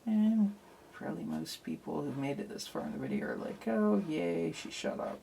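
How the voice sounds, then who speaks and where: Chatty woman with a gravelly edge. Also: deep voice, huge pitch swings, moderate pace, mellow, a little hiss or hum. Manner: chatty, rambling, self-deprecating asides. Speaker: artist vlogger. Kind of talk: casual chat while inking a cartoon. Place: at a drawing desk under bright lights.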